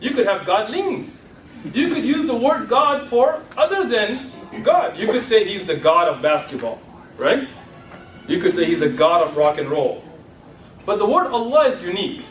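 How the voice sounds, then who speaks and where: In a lecture room, a man addresses an audience, posing rhetorical questions and teasing his listeners. His voice sits high with big pitch swings at a moderate pace, faint music plays behind, and the recording is echoey and distant.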